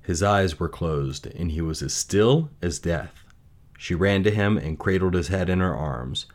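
A man reading a fairy tale aloud and then reflecting on its lessons, in a measured, gentle way. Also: deep voice, animated. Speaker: storyteller.

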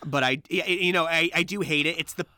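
A woman co-hosting a podcast, retelling a film in casual chat with emotional, animated storytelling. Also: low voice, fast talker, dry recording. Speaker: podcast co-host.

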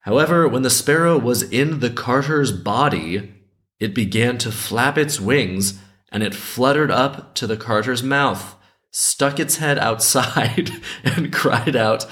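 A male host reading a dark folk tale aloud, breaking in with sarcastic, chuckling commentary. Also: mid-range voice, takes it slowly. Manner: sarcastic asides, frequent chuckles. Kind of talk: story reading with comedic commentary.

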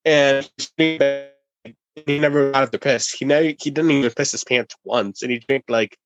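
A man's voice: medium pitch, moderate pace, lo-fi sound, music in the background. A man telling a wild story on a casual podcast, with lots of fillers and cursing. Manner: animated anecdote-telling, heavy filler and swearing.

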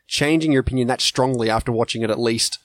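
A chatty young man, co-hosting a casual film podcast. He talks easily and reads out trivia between his opinions. His voice sits at a middle pitch in a dry, close recording. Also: fast talker, fairly bright tone, no echo. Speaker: podcast co-host. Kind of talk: casual chat.

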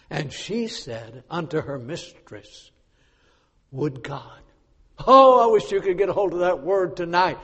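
A high-pitched preacher delivers an emphatic sermon, rising to shouts and then dropping to hushed asides. His voice rings through a large church with a long reverb. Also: husky.

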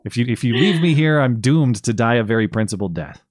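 A male podcast host delivering political commentary in a casual, sarcastic way. His voice sits at an ordinary middle pitch. The recording is dry and close, with no room sound. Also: lively intonation, a little fast, darkish tone, no room sound.

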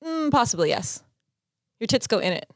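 Young woman, casual chat, giggly, teasing, fairly high voice, dry close sound. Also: very animated, normal speed, no room sound. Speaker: gift giver. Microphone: handheld mic.

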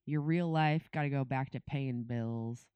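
A woman's voice: extremely low pitch, measured pace, smooth, no room sound, muffled recording. A woman co-hosting a podcast in casual chat, laughing often and swearing freely. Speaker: podcast co-host.

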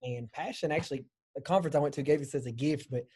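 Husky, mellow man in casual chat. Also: on the high side, fast. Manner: relaxed, with many hesitations. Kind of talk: casual Bible discussion.

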